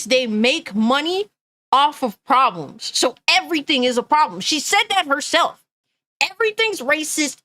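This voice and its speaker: A woman's voice: sits high, sharp tone, no room sound. A woman gaming news streamer ranting angrily and bluntly, swearing often and reading chat comments aloud. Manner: angry, profane, blunt.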